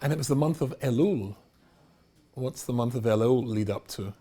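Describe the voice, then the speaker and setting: Warm in tone, with medium pitch and a normal speed, a middle-aged rabbi gives a funny storytelling talk, poking fun at himself and often chuckling at his own punchlines.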